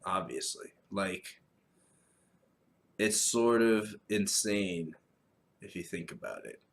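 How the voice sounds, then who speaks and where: Deep-voiced man ranting on a podcast. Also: takes it slowly, creaky, slight background noise. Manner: profane, rambling, animated storytelling. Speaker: podcast host. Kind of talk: casual solo podcast rant.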